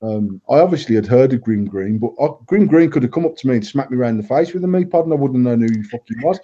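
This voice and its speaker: A man's voice: medium pitch, animated, fast, warm tone, muffled recording, a little hiss or hum. A man from England co-hosting a casual chat, blunt and rambling, swearing freely and restarting his sentences. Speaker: vape company owner, co-host.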